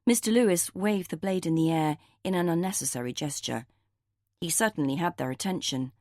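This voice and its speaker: Woman narrator, audiobook, measured, lowish voice, dry close recording. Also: darkish tone, dry recording.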